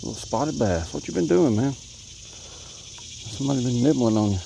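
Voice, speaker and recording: Male angler, gravelly and warm, talks gently to each fish from his boat, crickets faint behind. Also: medium pitch, expressive, unhurried, a little hiss or hum. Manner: chats softly to the fish he catches. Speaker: fishing vlogger. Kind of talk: casual narration while fishing. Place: small creek outdoors, in a boat. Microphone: action camera. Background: crickets and insects.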